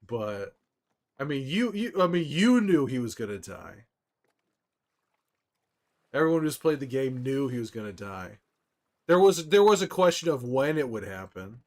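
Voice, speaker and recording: A man livestreaming casually to his viewers, rambling excitedly with frequent restarts and laughs. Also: medium pitch, measured pace, pauses often. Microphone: desktop microphone.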